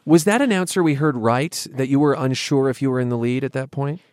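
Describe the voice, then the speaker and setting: A man hosting a radio interview, calm and measured. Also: medium pitch, no room sound, clean studio sound. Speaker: host.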